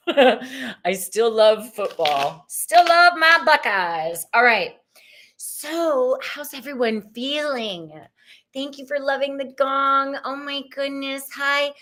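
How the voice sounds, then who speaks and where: A woman's voice: sits high, slow, a bit bright. A woman hosting a live tarot stream, gushing and greeting viewers by name in casual chat.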